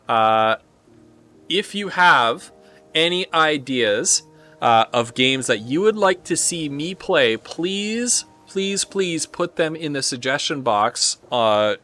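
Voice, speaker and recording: Slow-talking Canadian man streaming a game. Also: medium pitch, lively intonation, sharp tone. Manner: rambling, thinking aloud with frequent filler pauses. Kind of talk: casual live game commentary.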